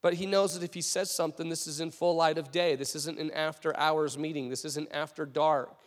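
Man, pastor, high voice, casual storytelling sermon, reverberant hall. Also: brisk. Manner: conversational, animated storytelling with restarts.

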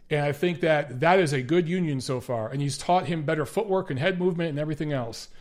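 Chatty high-voiced male host. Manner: blunt, profane, chatty. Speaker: boxing show host. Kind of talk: casual commentary with viewer Q&A.

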